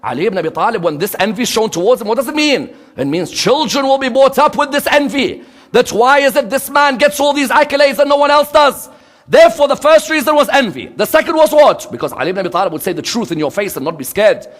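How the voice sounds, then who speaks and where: A man giving a religious lecture, asking the audience rhetorical questions and acting out quoted dialogue, with dramatic swings between loud and hushed delivery. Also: extremely high pitch, animated, quick pace.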